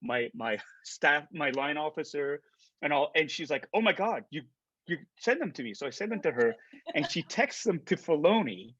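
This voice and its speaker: A man in his forties, an actor, telling an anecdote in excitable, casual talk with many restarts, heard through a dull lo-fi stream. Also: a little high, moderate pace, breathy edge, no room sound. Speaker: actor guest on a panel.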